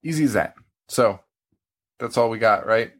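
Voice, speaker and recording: A man's voice: on the low side, moderate pace, fairly bright tone. A young adult man hosting a casual podcast, joking and laughing often, with a slight frog in his throat. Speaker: podcast host.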